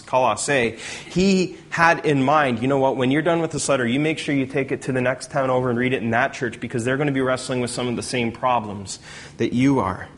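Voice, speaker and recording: A man's voice: medium pitch, slight background noise. A man preaching a sermon as pastor, conversational with bursts of dramatic emphasis.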